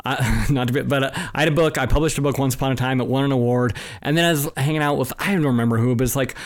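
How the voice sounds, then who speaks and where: A man co-hosting a casual film discussion, lively, acting out quoted dialogue and laughing often. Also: mid-range voice, rapid-fire. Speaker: film podcast co-host.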